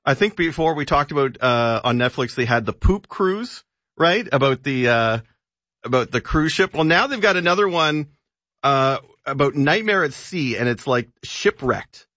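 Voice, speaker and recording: A man reviewing films in relaxed, halting radio chat. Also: fairly high pitch, no echo. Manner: relaxed, halting, chatty, with fillers. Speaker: film reviewer on a radio show. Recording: dull, dry studio radio sound.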